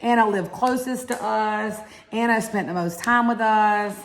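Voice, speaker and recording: This is a woman in her forties from Alabama, speaking with a Southern accent at a medium pitch and an unhurried pace. She chats casually while answering viewer questions, drawing one-syllable words out into two.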